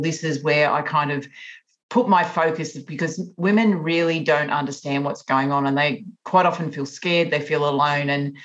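A woman in her fifties with an Australian accent, a naturopath guest explaining things in a podcast interview. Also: sits low. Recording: dull lo-fi remote audio.

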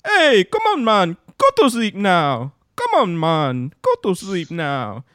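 A playful mock-Jamaican voice urges someone to bed in a high, sing-song coax, as a man puts it on. The pitch leaps around freely. It sits dry and close in the recording. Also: huge pitch swings, slow pace, a bit bright, dry recording, exaggerated voice. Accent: put-on Jamaican.

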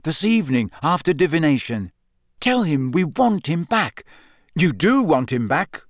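A man's voice: fairly high pitch, very animated, measured pace, no echo, studio quality, voice pushed up. A man reading aloud and voicing an angry, hot-tempered teenage boy wizard who speaks in a heated, raised voice. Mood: bitter.

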